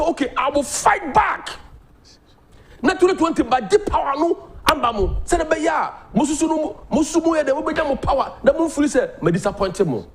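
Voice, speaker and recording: A Ghanaian man hosting a political talk show, delivering animated commentary that mixes Twi and English. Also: very high voice. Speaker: host.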